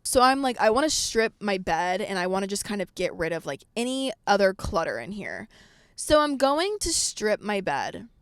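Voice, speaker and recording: A young adult woman hosting a podcast, telling a story in a casual, animated way, swearing freely and acting out what she said at the time. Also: mid-range voice, normal speed, clear, resonant tone, dry recording. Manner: animated, swears a lot, acts out her own past lines. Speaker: podcast host.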